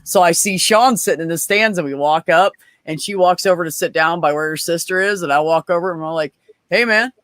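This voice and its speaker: A man's voice: on the high side, fairly quick, few pauses, no room sound. A man co-hosting a podcast, telling a story in casual chat, swearing a lot and acting out quoted voices. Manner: animated, profane, acts out quoted voices.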